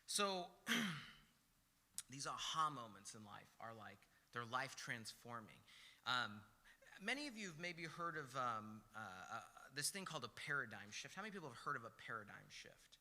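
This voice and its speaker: A man's voice: mid-range voice, big pitch swings, moderate pace, bright, forceful tone. A young man giving a casual, conversational sermon at a young adults service, telling stories with chatty asides. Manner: chatty, storytelling, with many "like" and "right?" asides. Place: church hall. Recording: long hall reverb with faint music.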